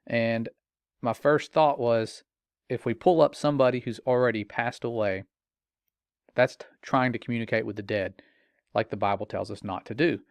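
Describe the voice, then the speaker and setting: A man's voice: medium pitch, fairly even intonation, moderate pace, vocal fry, clear, resonant tone, no room sound. A middle-aged father telling a personal story in an earnest, warning tone, with casual fillers. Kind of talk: earnest personal testimony monologue.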